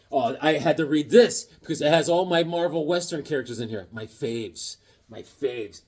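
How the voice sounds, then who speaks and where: Male comic collector, husky, a bit high, animated; jokey show-and-tell delivery. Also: normal speed. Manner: jokey, excitable, with sudden loud exclamations. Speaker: comic book collector showing his books. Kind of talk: casual show-and-tell vlog.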